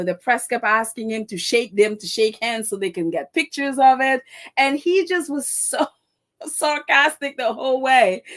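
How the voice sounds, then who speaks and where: A woman hosting a casual live stream, reading viewer comments and chatting with frequent laughs, fillers and sarcastic asides. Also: fairly high pitch. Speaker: host.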